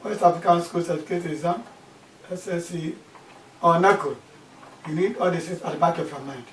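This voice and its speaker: A man's voice: a little high, fairly quick, fairly bright tone. A man teaching a maths class, repeating key terms and asking questions aloud. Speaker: mathematics teacher. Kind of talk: classroom lesson. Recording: echoey room from far off with faint background noise.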